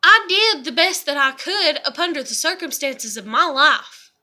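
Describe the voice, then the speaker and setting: A woman's voice: high-pitched, animated, normal speed, sharp tone. A woman in an angry personal vlog rant, swearing and repeating furious rhetorical questions. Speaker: vlogger.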